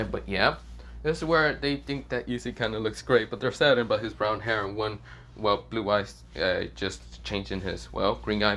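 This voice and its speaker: A man's voice: on the low side, fairly bright tone. A young man improvising a fan story aloud, rambling with many fillers and self-corrections and casual swearing. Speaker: fan fiction narrator.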